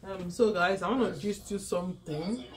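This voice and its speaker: A woman talks straight to her viewers in a casual vlog, filmed on a handheld phone. She is chatty and excitable, running through her news with plenty of asides. It starts in a car, with vehicle noise behind her, and moves into a small home office. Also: mid-range voice, normal speed. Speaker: vlogger.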